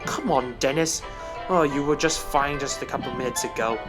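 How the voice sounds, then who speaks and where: A man's voice: medium pitch, moderate pace, music in the background, natural voice. A man voicing an impatient, cross male engine driver in a fan story, sounding exasperated.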